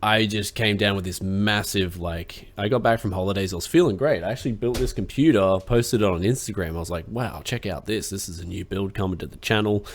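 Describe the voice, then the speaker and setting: Deep-voiced Australian tech host. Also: male voice, fairly quick, few pauses. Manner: laid-back, rambling, lots of fillers. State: recovering from flu. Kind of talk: casual tech chat.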